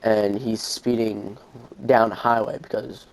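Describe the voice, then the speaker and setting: A man's voice: fairly low pitch, level tone, measured pace, darkish tone, low-quality recording. A young man, telling a long story casually over gameplay, rambling with fillers and restarts. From Arkansas, USA. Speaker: gaming channel host.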